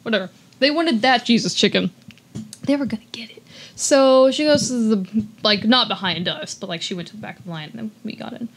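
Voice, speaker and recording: This woman's voice is fairly high with a breathy edge, and she talks fairly quickly. Chatting casually on a podcast, she animatedly recounts a story, full of likes and false starts, performing the quotes as she goes.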